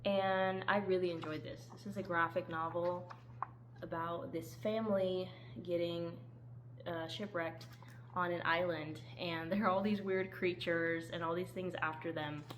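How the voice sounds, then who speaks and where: A woman's voice: on the low side, a little slow, a little hiss or hum, low-quality recording. Chatty woman reviewing books. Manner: chatty, laughs often, animated quoting. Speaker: book reviewer. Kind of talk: casual book review chat.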